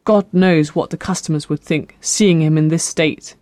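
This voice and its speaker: An audiobook narrator reading a novel in a measured, expressive way. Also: mid-range voice, no room sound, clean studio sound. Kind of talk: scripted narration.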